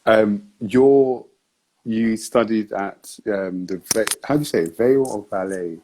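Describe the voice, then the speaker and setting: An easygoing man hosts a casual sit-down interview, nudging it along with short murmurs of agreement. His voice sits on the low side and stays relaxed and unhurried. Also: poor audio. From United Kingdom. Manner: easygoing, frequent "mm" affirmations, chuckles. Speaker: podcast host.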